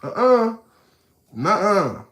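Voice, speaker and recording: A male streamer speaks extremely slowly while reacting to a video on his casual live stream, addressing his chat in street slang. His tone is animated and mocking, shifting from low mutters to loud outbursts.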